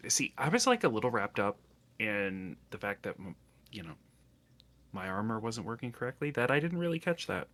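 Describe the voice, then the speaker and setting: A man's voice: fairly low pitch, sing-song, moderate pace, bright, forceful tone. Stammering, wry man player. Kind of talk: casual tabletop banter, in character.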